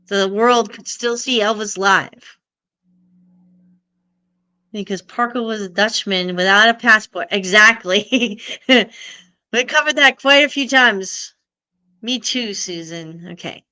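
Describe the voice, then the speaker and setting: Bright, smooth-voiced woman stream host. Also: medium pitch, slow, long pauses. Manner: chatty, greets and answers viewers' comments. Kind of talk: casual live stream chat.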